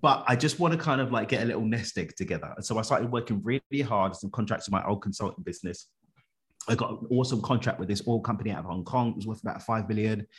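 A man recounts his own story as a podcast guest, talking animatedly and breaking into chuckles. His voice sits fairly low. His phrasing is casual and full of everyday slang. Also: fast talker. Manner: animated, chuckles often, colloquial. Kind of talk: personal storytelling in conversation.

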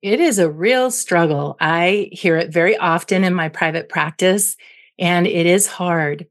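A middle-aged woman with a slightly low voice talks as a guest psychologist. She explains ideas in a measured, patient way, in an interview setting. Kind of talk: podcast interview.

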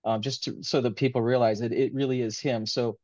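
A man's voice: medium pitch, fairly even intonation, fairly quick, a little mellow, dry recording, muffled recording. Man, author in an interview, earnest, rambling, heartfelt, dry close sound. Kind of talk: casual interview talk.

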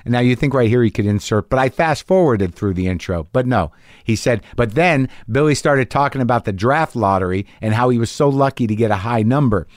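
A man's voice: mid-range voice, animated, fairly quick, no echo, studio quality. A man hosting a podcast, talking alone in a frank, profane, self-deprecating way. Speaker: podcast host. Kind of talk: solo monologue.

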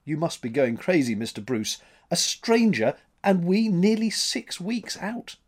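A man voicing a gruff, skeptical male sea captain in a spoken story, brusque and commanding. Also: sits high, big pitch swings, unhurried, voice pushed up, exaggerated voice.

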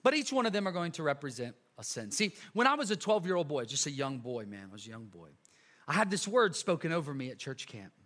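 A male pastor preaching a casual, energetic sermon to a church congregation, full of slang, repeats and asides. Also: a little high, fast. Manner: lively, chatty preaching with slang and repetitions. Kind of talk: sermon with a live illustration.

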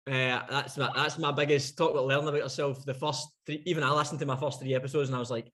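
A man co-hosting a podcast in casual chat, rambling quickly, laughing often and swearing casually. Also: mid-range voice, little pitch movement, a bit bright. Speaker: podcast co-host.

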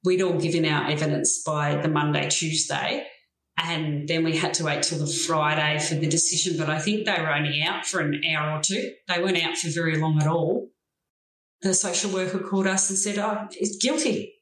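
Middle-aged aussie woman telling her story straight, lowish voice, bit of room echo. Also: normal speed. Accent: Australian. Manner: frank, plain-spoken and steady, with some restarts. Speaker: guest. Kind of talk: personal story in a conversation. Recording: roomy echo.

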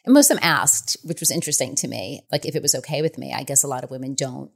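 A middle-aged woman speaking as an author and podcast guest, frank and animated, laughing often. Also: very deep voice, fast, vocal fry. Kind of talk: candid podcast conversation.

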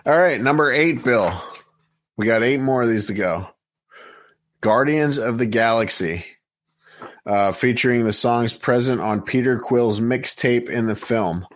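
A man's voice: medium pitch, unhurried, dry recording. A man hosting a podcast, reading out song lists with frequent fillers in casual chat. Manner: steady, list-reading with many fillers. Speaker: podcast host.

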